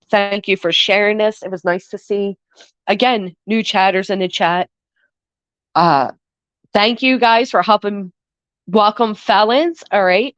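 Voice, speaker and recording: Here a woman in her thirties, on the mend from the flu, talks frankly with her stream's chat, cursing freely and turning from soppy to indignant in an instant. The medium-pitched voice is close-miked and dry, with no echo, and the recording is a little dull.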